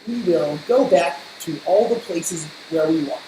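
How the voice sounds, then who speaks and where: A woman reading a storybook aloud, voicing a kind, calm male frog who speaks gently and reassuringly. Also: on the low side, a little slow. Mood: gentle. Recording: roomy echo, faint hiss.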